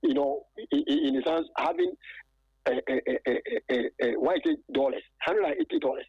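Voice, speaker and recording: A man, a former footballer calling in to an interview, talking in a halting, aggrieved way and stacking repeated words and fillers. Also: very high voice, huge pitch swings, vocal fry, darkish tone, breathy edge, no room sound, highs cut off. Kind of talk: phone-in interview.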